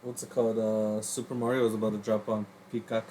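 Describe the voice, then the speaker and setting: A man co-hosting a casual podcast while high, talking in a relaxed, rambling way. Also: quick pace, a little hiss or hum. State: high on cannabis. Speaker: podcast co-host. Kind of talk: casual chat.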